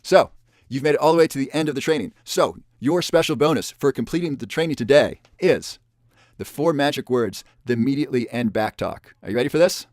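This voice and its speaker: A man's voice: medium pitch, lively intonation, fairly quick, darkish tone, no echo. Pushy webinar salesman, dry close sound. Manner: pushy salesman tone, repeats offers and counts down spots. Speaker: webinar presenter.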